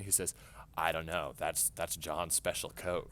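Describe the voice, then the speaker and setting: A man in a casual podcast chat, earnestly recalling a memory and building to excited exclamations. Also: very deep voice, a little slow, a crowd in the background.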